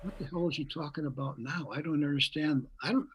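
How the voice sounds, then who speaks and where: An older man with a slightly high-pitched voice and a faint hiss behind him. He tells his story in a rambling way and repeats words. He acts out the voices of the people in it. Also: brisk, dull audio. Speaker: guest musician. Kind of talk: anecdotal storytelling.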